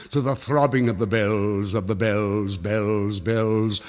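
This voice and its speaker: A man giving a dramatic poetry recitation, theatrical, swinging between loud cries and hushed low passages. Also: steady tone, measured pace, hardly any pauses. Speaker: reader of poetry. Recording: old record with long reverb.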